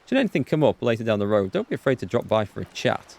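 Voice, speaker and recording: A man's voice: medium pitch, sing-song, fast talker, gravelly, darkish tone. Brief: a composed, thoughtful older woman informant, voiced by a man barely shifting his voice, game dialogue. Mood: calm.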